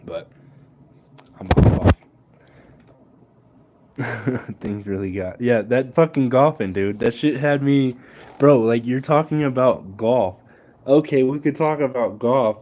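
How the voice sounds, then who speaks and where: A man's voice: medium pitch, takes it slowly, long pauses, darkish tone, a little hiss or hum. A young man ranting casually and profanely, with slang and laughter. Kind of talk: casual political rant.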